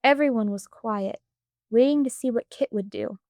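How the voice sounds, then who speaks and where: A woman reading a storybook audiobook aloud in a calm, measured way on a close microphone. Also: a little high, no echo. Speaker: audiobook reader.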